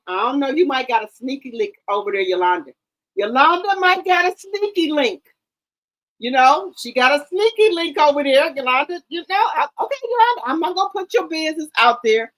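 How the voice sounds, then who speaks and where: High-voiced chatty woman talking to viewers. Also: low-quality recording. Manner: loud, chatty, swears freely, repeats herself. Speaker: gossip channel host. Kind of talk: casual chat to camera.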